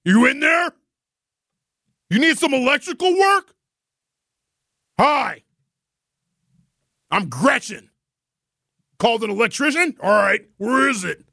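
A butch woman electrician who talks short and blunt, impatient to get to work, as a man puts her on. The voice sits well above a normal man's pitch and is close and dry. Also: very animated, takes it slowly, gravelly, pauses often, pushed and bright, no room sound, exaggerated voice. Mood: brusque.

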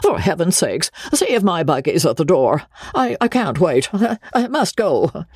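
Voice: mid-range voice, wildly swooping pitch, unhurried, husky, dry recording, studio quality, voice pushed up, heavily acted. A reader voicing a stout, flustered young dandy who stammers and blusters.

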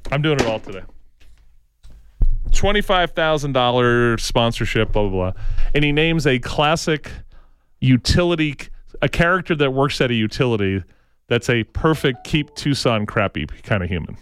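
Smooth-voiced man telling rambling stories. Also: mid-range voice, lively intonation, moderate pace, fairly bright tone. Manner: tags sentences with "right?", frequent restarts; slips into impressions of people he quotes. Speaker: talk show co-host. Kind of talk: rambling opinionated storytelling.

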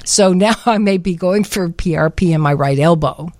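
A woman's voice: on the low side, normal speed, dry recording. Chatty woman radio co-host. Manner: chatty, animated storytelling. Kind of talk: casual radio chat.

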